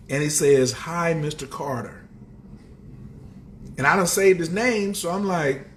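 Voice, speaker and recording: A man hosting a casual motivational livestream, talking in streetwise slang and greeting viewers in the chat. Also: slight background noise. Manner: animated, swings up and down in pitch. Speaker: livestream host and motivational speaker.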